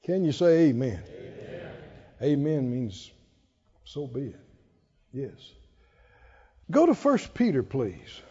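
Slow, husky-voiced male preacher in a hall. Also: medium pitch, very animated, warm tone. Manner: conversational, laughs often, asks the congregation questions. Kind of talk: sermon. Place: church or conference hall. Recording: dull sound with hall reverb.

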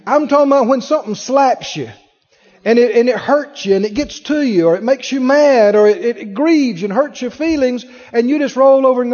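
High-voiced preacher in an echoey hall. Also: male voice, fairly quick, muffled recording. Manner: animated storytelling, acting out voices. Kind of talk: sermon with personal story.

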